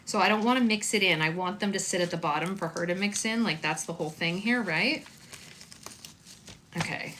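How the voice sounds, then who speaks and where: A woman's voice: on the low side, bright, forceful tone, slight background noise. A woman hosting a live stream, chatting upbeat and casually with viewers while making slime.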